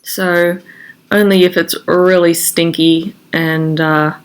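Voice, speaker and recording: A woman's voice: on the low side, flat delivery, takes it slowly, clean tone. A woman hosting a knitting podcast, talking casually while showing her knitting, her voice congested from a cold. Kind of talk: casual chat.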